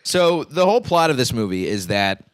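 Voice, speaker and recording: A man's voice: mid-range voice, big pitch swings, normal speed, dry recording. A man hosting a casual podcast, laid-back and dry as he recaps a story. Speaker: podcast host.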